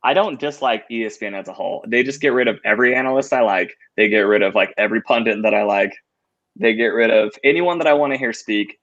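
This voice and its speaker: A man co-hosting a casual sports podcast, quick to push back and debate. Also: on the low side, fairly bright tone. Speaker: podcast co-host. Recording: slightly dull lo-fi audio.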